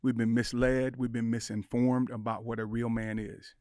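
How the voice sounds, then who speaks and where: A man's voice: mid-range voice, flat delivery, normal speed, a crowd in the background. A man in his sixties, a podcast guest, talking earnestly in a casual conversation and acting out quoted dialogue. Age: 60s.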